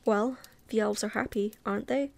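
A woman's voice: medium pitch, steady tone, normal speed, vocal fry, close to an everyday voice. A woman reading aloud and voicing a blunt, offhand teenage wizard boy.

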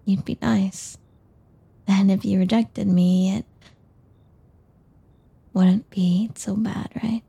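A woman's voice: mid-range voice, fairly even intonation, slow pace, gravelly, pauses often, dark tone, husky, heavily acted. A young woman voicing a shy, nervous young woman in an audio role-play, talking hesitantly and stumbling over her words with many restarts.

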